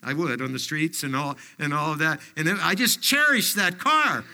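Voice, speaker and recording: A man's voice: on the high side, normal speed, gravelly, sharp tone. An older man giving a folksy sermon, often dropping in fillers and personal stories. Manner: folksy, anecdotal preaching with frequent fillers. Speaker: pastor.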